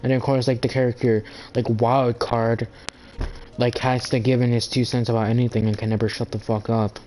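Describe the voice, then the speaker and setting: A man's voice: medium pitch, level tone, normal speed, a little mellow, a little hiss or hum, rough recording. A man ranting in a casual monologue, rambling with lots of fillers, restarts and swearing. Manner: rambling, profane, full of "like" and restarts. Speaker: gaming channel host.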